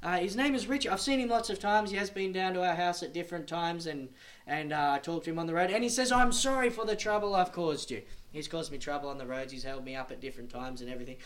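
A man's voice: on the high side, quick pace, a bit bright. A man preaching a sermon, telling a story and then building to emphatic, repeated warnings.

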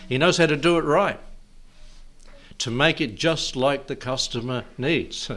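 A man's voice: medium pitch, fairly bright tone. Chuckling man preaching a sermon. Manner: chuckles often between phrases; reads scripture slowly with rising emphasis. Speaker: pastor. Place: church service.

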